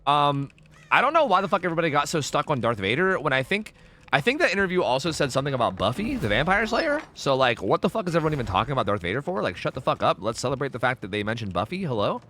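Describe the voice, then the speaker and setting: A man's voice: on the high side, very animated, fast talker, pushed and bright, a little hiss or hum. A man streaming a game live, rambling and swearing casually as he answers viewers' questions. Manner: rambling, profane, chatty, answering chat questions.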